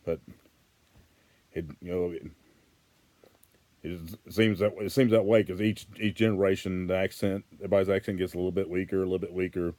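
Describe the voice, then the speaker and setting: A man's voice: low-pitched, level tone, brisk, pauses often, a little mellow, no room sound. A man from Arkansas with a Western Arkansas Southern accent, talking earnestly to camera in a rambling, casual vlog. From Arkansas, USA. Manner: rambling, earnest, frequent fillers and restarts. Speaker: vlogger.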